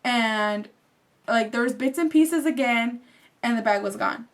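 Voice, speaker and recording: A young woman vlogger telling a story in a casual, animated way, with "like" running all through her talk. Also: a little high, measured pace. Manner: chatty and animated, fills speech with "like". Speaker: fashion vlogger.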